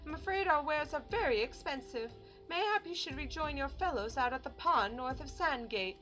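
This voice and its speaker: A woman's voice: sits high, animated, normal speed, fairly bright tone, soft background music, pitched above the performer's own voice. Woman playing a prim, polite shopkeeper.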